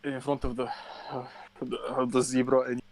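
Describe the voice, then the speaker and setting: A man co-hosting a casual podcast, telling an animated, swear-filled rant. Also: mid-range voice, brisk. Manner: profane animated ranting storyteller. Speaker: podcast co-host.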